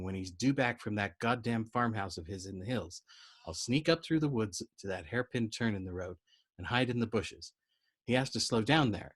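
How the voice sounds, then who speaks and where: A man voicing a frantic, agitated young male bomber pilot who blurts out loud, excitable outbursts in a storybook reading. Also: lowish voice, close to an everyday voice.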